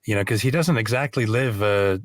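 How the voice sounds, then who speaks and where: A middle-aged man, a voice actor, telling animated, self-deprecating stories in a casual interview. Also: fairly low pitch, a little fast, dry recording. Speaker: voice actor guest.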